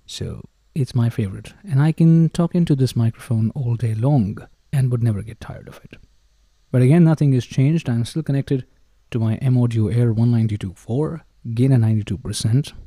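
A man hosting a podcast and testing microphones close up, with a showy manner that keeps addressing the ladies and gentlemen. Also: medium pitch, a little fast, dry recording. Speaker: podcast host. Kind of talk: casual microphone review talk. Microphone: handheld dynamic mic held close.

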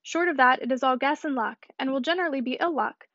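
A woman voicing a lively, teasing young gentleman. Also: sits high, fast, no room sound. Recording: slightly muffled dry recording.

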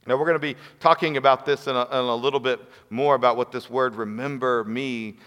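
A man's voice: mid-range voice, steady tone, brisk, a bit bright, clear, resonant tone. Man preaching in a reverberant hall. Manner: earnest, storytelling with acted quotes. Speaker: pastor. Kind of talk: sermon.

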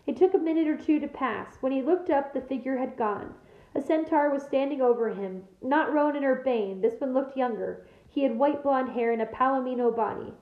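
A woman teacher reading a novel aloud to her class with steady, expressive storytelling. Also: high-pitched, normal speed, reverberant, narrow, tinny audio.

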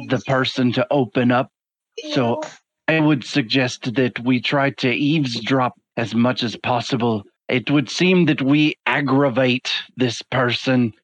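Give me a man at a tabletop game who talks formally and measured. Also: medium pitch, dull audio, slight background noise. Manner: formal, measured in-character speech. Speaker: player.

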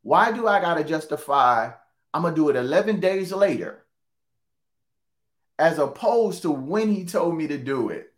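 A man's voice: on the high side, animated, moderate pace. A man preaching a conversational sermon, repeating key phrases for emphasis and reading scripture aloud.

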